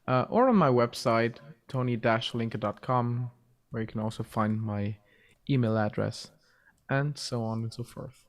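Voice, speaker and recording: A man's voice: medium pitch, measured pace. A male guest on a video call, explaining step by step with many fillers. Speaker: guest voice teacher.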